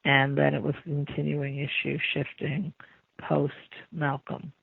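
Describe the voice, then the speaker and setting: A man's voice: on the high side, completely flat delivery, measured pace, creaky, husky, dry recording. A man in an interview laying out his points one by one, heard over a tinny line. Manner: methodical, lists points in order. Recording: dry, tinny phone-like line.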